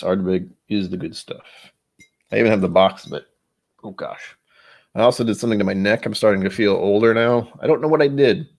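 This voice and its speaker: On a casual solo livestream from his home, an American man sits at a desk with glasses, setting up a whisky tasting. His voice is on the low side and creaky as he rambles, talks to himself, and pokes fun at himself.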